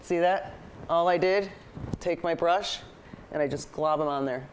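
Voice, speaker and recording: Here a woman speaks a bit slowly in a fairly low register, against slight background noise. She hosts a painting show and teaches art, talking eagerly through a live lesson and voicing her thoughts as she paints.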